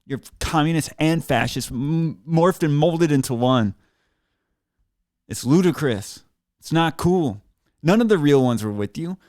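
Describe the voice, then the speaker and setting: Here the drummer's voice sounds a little high and slightly mellow, with lively intonation and a measured pace, and there's no room sound. He streams from a small studio, seated at a computer mic, ranting sarcastically to camera in a heated, mocking, heavily profane monologue.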